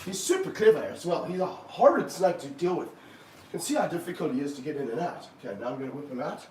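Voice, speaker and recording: A man keeping snakes, talking through a live stream as he handles one, with excited bursts and low muttered asides. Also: fast talker. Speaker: snake keeper. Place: room of snake enclosures, indoors. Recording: roomy, from a distance, faint background hum.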